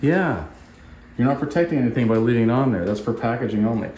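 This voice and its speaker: A man vlogging his house renovation in a playful, mock-excited way, then turning to earnest preaching. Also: medium pitch, quick pace, slight background noise. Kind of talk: casual talk to camera with preaching. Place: unfinished house interior. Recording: echoey empty house.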